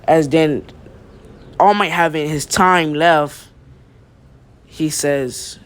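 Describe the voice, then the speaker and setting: A man's voice: fairly high pitch, steady tone, drawn-out words, long pauses, clean tone. A young man casually retelling a fan story, rambling with restarts and slang.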